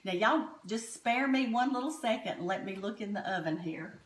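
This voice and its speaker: A woman's voice: mid-range voice, lively intonation, moderate pace. Middle-aged Southern woman, home cook host, folksy storytelling, roomy kitchen sound. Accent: Southern American. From Southern United States. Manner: homey, chatty, warm-hearted storytelling. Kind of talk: folksy cooking chat. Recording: echoey kitchen room.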